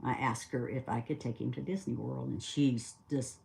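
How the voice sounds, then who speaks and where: A woman's voice: extremely low pitch, steady tone, normal speed, vocal fry, a little mellow. An older woman telling a personal story in a casual, rambling way. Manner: chatty, rambling, acts out dialogue.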